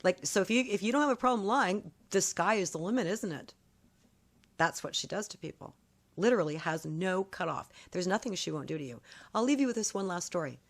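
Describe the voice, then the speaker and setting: A woman's voice: fairly low pitch, lively intonation, fairly quick. A woman in a casual vlog, telling a long story in an emphatic, accusatory way, often repeating her points. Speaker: vlogger.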